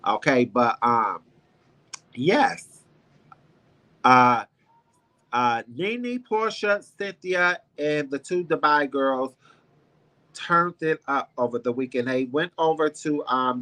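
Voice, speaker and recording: A man's voice: mid-range voice, pushed and bright. A man hosting a celebrity gossip livestream, chatting sassily with his viewers, calling them girl and honey, rambling with ums and restarts. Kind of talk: casual chat with live viewers.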